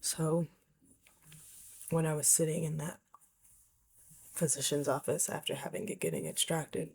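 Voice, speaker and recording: A woman with a low, breathy voice talks candidly to camera in a personal vlog. She sounds reflective and often sinks to a near whisper. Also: sing-song, measured pace, darkish tone. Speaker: vlogger.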